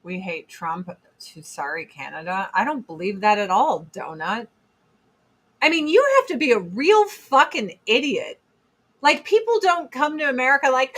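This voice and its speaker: A woman's voice: fairly high pitch, very animated, measured pace, a bit bright. Female host, 40s, blunt and rambling, swears freely, casual chat stream voice.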